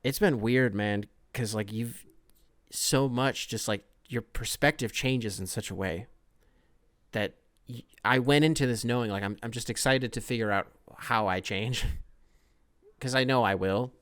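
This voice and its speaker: A young man talks through a casual solo podcast in a rambling, profane way, breaking into sudden loud outbursts. His voice sits at an ordinary middle pitch for a man. The sound is close and dry. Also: a little slow, smooth, no echo. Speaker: podcast host.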